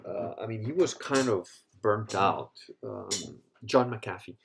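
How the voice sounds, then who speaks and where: A man with a low-pitched voice talks to his viewers in a loose, rambling way, swearing and laughing often. He sounds tired after a long day on his feet. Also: lively intonation, slow pace, vocal fry, background noise. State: tired, leg cramps. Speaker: podcast host. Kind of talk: casual livestream chat.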